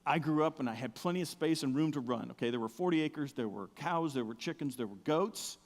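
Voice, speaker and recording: Loud, humorous middle-aged man preaching. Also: fairly high pitch, brisk, in a large hall. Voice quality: big, loud outdoor voice. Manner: storytelling, humorous, swings from soft to loud excited bursts. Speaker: pastor. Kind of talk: sermon. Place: church sanctuary.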